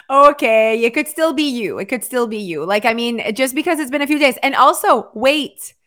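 A woman hosting a casual chat about weight loss and sleep, talking fast with lots of "like". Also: sits high, animated, a bit bright. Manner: chatty, lots of filler "like". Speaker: host.

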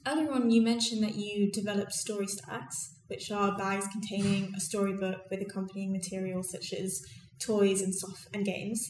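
A woman interviewer asking prepared questions in a measured, careful way. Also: mid-range voice, level tone, a little mellow, a little hiss or hum. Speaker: podcast interviewer. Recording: roomy, distant mic with faint ambience.

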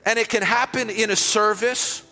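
Male pastor preaching, high-pitched, bright and forceful, repetitive impassioned delivery, reverberant church hall. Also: steady tone, normal speed, soft background music. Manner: impassioned, repetitive preaching that drops to a hushed prayerful close. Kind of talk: sermon. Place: church sanctuary.

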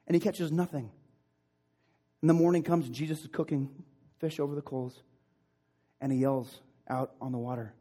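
Husky, mellow-voiced preacher man. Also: on the high side, steady tone, moderate pace, long pauses. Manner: impassioned storytelling, swings between loud emphasis and hushed intimacy. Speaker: pastor. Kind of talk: sermon.

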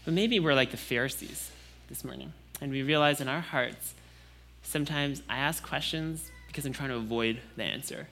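A young man preaching a Sunday sermon in a relaxed, conversational way, with casual fillers and restarts. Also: medium pitch, moderate pace, creaky, soft background music.

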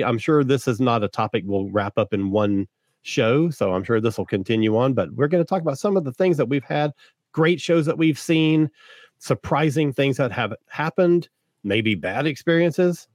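A man's voice: medium pitch, dry recording, studio quality. A man hosting a music podcast, chatting casually and introducing his guests. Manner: relaxed, conversational, introduces guests. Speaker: podcast host. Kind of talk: casual chat.

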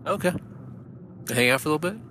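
A man's voice: on the high side, expressive, fast talker, noisy background. A man chatting casually in a car, teasing and joking with his friend. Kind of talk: casual chat.

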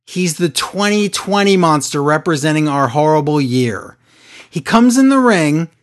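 A man in an easygoing podcast chat, recapping at a quick, lively clip. His voice leaps up and drops down as he gets worked up, shifting between excited bursts and mutters. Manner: excitable, animated storytelling with sudden pitch jumps. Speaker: podcast co-host. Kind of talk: casual wrestling recap chat.

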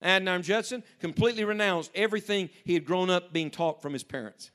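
Higher-voiced male preacher telling stories. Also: quick pace. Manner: storytelling, swings between hushed and loud urgent emphasis. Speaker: pastor. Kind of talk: sermon to young people.

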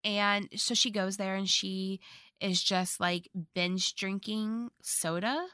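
A woman casually chatting as co-host, recapping a movie in an animated way and laughing often. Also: medium pitch, slow, clean tone, no echo, studio quality.

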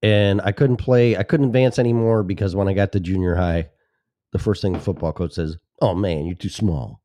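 A man from the Chicago suburbs of Illinois hosts a talk show, rambling solo at the mic in a sarcastic, profane monologue and cutting himself off mid-thought. His voice is fairly low and steady, brisk and warm, with a little hiss or hum underneath.

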